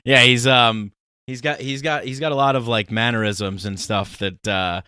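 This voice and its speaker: A man's voice: medium pitch, fairly even intonation, moderate pace, pushed and bright, clean tone, no echo, studio quality. A man from the United States hosting an interview in a loose, filler-heavy way, often laughing. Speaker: podcast host. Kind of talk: casual interview talk.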